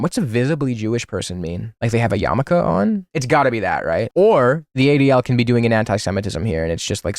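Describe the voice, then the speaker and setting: A man's voice: fairly low pitch, a little mellow, dry recording, clean studio sound. A man streaming casual political commentary, sarcastic and profane, with bursts of mock outrage. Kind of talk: casual political commentary, reacting to material on screen.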